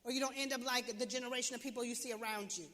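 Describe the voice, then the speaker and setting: A woman's voice: fairly high pitch, steady tone, very fast, pushed and bright, long reverb tail. A woman coach giving a motivational talk to an audience, emphatic and preachy, firing off repeated questions. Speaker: business and wealth coach.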